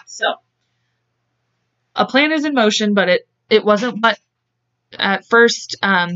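Slow-paced and animated, this woman co-hosts a podcast, chatting casually through a true-crime tale, voicing the characters' lines and laughing a lot. Her medium-pitched voice has a sharp tone, and the sound is lo-fi.

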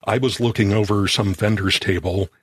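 This Californian co-host, who also produces the show, has a steady, slightly rough voice on the low side. On the casual podcast he speaks softly and hesitantly, restarting often, and the recording has no echo.

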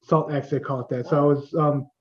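A man in his fifties with a high voice spins animated stories in a casual chat. He laughs through his anecdotes and acts out other people's lines. The recording is dull and lo-fi. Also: brisk. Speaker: convention-going guest telling stories.

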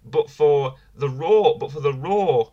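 A man's voice: on the high side, slow, lo-fi sound. A man co-hosting a casual review podcast, rambling and repeating himself as he restarts his sentences. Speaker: podcast co-host. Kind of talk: casual wrestling review chat.

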